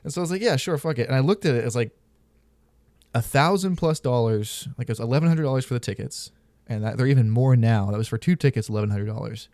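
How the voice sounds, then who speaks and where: A man's voice: mid-range voice, fast, mellow, no echo. A man hosting a podcast, telling stories in casual, candid and profane chat. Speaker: podcast host.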